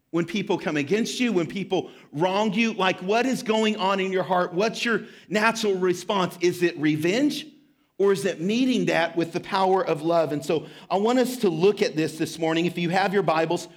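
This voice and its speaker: A pastor in his thirties delivers a sermon with a high-pitched voice. He tells stories in an animated, self-deprecating way before turning to scripture.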